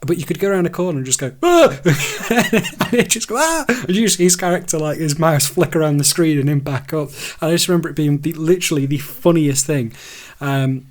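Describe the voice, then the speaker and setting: Chatty young man, slightly high voice. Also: brisk. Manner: rambling, laughs through his stories. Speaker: podcast co-host. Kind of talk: casual chat.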